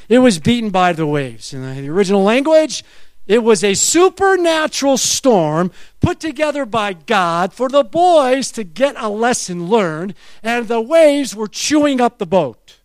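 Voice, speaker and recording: High-voiced preaching man, dry sound. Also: very animated, unhurried, clear, resonant tone, dry recording. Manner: dramatic, swinging from shouts to hushed tones. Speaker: pastor. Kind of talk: sermon.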